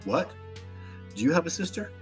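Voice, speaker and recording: Canadian man on the interview seat: pushy, emphatic, stumbles over repeated words, slightly raised pitch, soft music bed. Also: sing-song, normal speed. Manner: emphatic and combative, repeats words when worked up. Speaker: interview guest, Sasquatch researcher. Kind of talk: animated interview talk.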